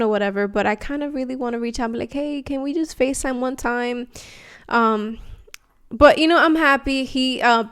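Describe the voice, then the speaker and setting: A woman's voice: on the high side, clear, resonant tone. A young woman vlogging in a rambling, candid and emotional way, full of fillers and restarts. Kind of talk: casual chat to camera.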